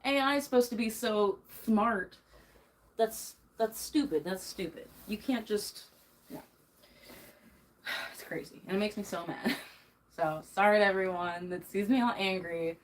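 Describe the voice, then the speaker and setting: A woman's voice: medium pitch, moderate pace, pauses often, slight background noise, rough recording. A young woman ranting on a livestream while she does laundry in her bedroom, heated and emphatic, with nervous laughs breaking in. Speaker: streamer. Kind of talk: angry ranting livestream chat.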